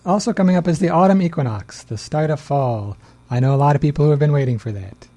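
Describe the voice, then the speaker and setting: Man, radio co-host, fairly high voice, mellow tone, easygoing announcements. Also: fast talker. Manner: easygoing, laughs, reads announcements. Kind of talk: casual radio chat. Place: radio studio.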